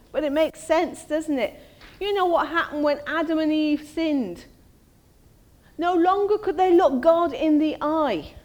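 A woman delivers a sermon in a friendly, conversational manner. Her voice sits high and she speaks at a measured, unhurried pace. She often turns her points into rhetorical tag questions. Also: a little mellow. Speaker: preacher.

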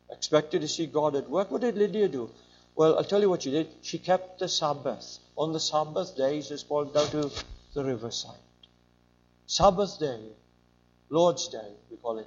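A man's voice: on the high side, expressive, unhurried, long pauses, darkish tone. An older man preaching a sermon in an emphatic, rising and falling way. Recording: dull lo-fi recording.

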